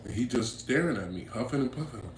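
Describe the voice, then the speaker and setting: Gravelly-voiced man telling a street story. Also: medium pitch, expressive, fast talker. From Inglewood, California. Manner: street slang, acts out quotes, rising to loud emphatic bursts. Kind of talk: animated storytelling to camera. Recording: roomy echo, faint background noise.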